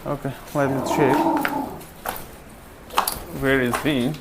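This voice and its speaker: A man narrating a casual vlog outdoors as he checks on stray dogs, talking to them softly and tenderly. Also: mid-range voice, little pitch movement, slow, heavy background noise. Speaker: vlogger caring for stray dogs. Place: outdoors, on a terrace.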